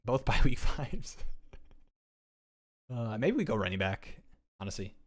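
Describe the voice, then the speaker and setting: A young man chatting casually on a live stream as he drafts fantasy football, excitable and rambling, often restarting his sentences. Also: mid-range voice, unhurried. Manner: excitable, rambling, self-interrupting.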